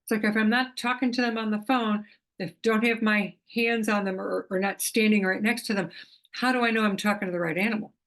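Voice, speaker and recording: A middle-aged woman, an animal communicator, explaining her work in a casual talk to camera, chatty with frequent restarts and soft laughs. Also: medium pitch, steady tone, fairly quick.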